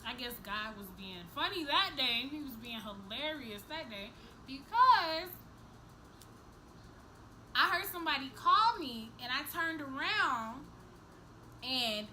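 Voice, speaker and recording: Young woman vlogger, high bright voice, animated and profane storytelling, faint room noise. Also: slow, rough recording. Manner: animated, profane, acts out each person's lines, laughs through the story. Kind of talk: casual storytelling to camera.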